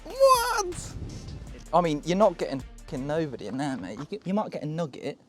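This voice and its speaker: A young British man casually showing off a cheap used car, excitable, joking and swearing as he goes. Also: on the high side, quick pace, over music. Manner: excitable, swearing, laughing, jokey. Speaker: car vlogger. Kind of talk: casual car walkaround vlog.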